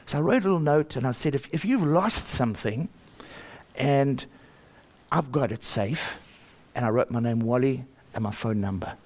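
An older man with a South African accent, telling a personal faith story in an earnest, animated way, often repeating words and chuckling. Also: medium pitch, moderate pace.

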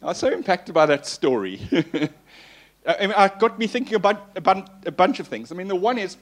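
A man's voice: high voice, expressive, moderate pace. A male pastor preaching in a conversational way, telling personal stories with a self-deprecating tone and frequent fillers.

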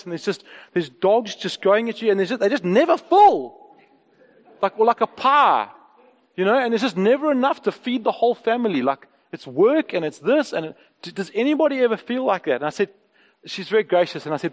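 A man in his thirties preaching to a congregation in a high, light voice. He tells candid stories and circles back to repeated phrases. A long reverb trails off the walls of the hall. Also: lively intonation, fairly quick. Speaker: pastor. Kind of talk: sermon.

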